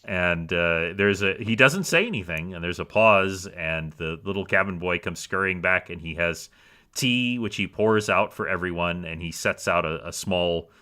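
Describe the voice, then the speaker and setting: A man narrating a tabletop role-playing game as game master, telling the scene with casual fillers. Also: deep voice. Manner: slow, lively storyteller with fillers.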